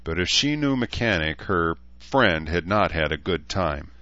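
A man reading a story aloud in steady scripted narration, on a dull lo-fi recording. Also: deep voice, unhurried, no room sound. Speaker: audiobook narrator.

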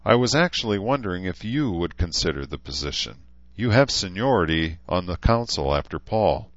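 A man voicing a careful, formal male council member who speaks in measured words, in a dull, dry recording. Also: sits low, big pitch swings, no room sound.

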